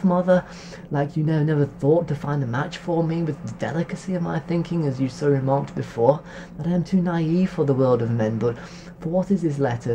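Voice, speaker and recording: A man's voice: mid-range voice, dark tone, a little hiss or hum, close to an everyday voice. A man voicing a naive young woman who asks her mother breathless, wondering questions about a letter. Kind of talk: storybook reading.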